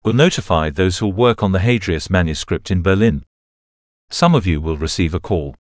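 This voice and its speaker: A man's voice: low voice, moderate pace, no room sound, studio quality, natural voice. A male narrator voicing a meeting chairman who makes a formal announcement.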